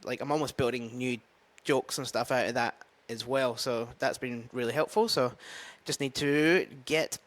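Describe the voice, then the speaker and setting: At home with his dog, a man from Scotland who does open mic comedy vlogs in a relaxed, rambling way, thinking aloud with plenty of fillers. His voice is medium in pitch and fairly bright, at a moderate pace with hardly any pauses.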